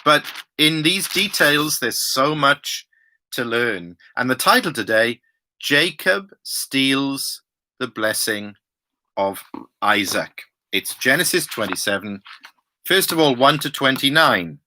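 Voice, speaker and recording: A man preaching and introducing a Bible reading, stressing phrases slowly with some fillers. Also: mid-range voice, lively intonation, sharp tone, a little hiss or hum. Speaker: pastor.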